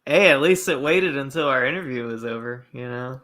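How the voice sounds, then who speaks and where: A man's voice: mid-range voice, fairly quick, pushed and bright. A man hosting a podcast, chatting casually over a video call and laughing often. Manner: laughs often, banters loosely. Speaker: podcast host.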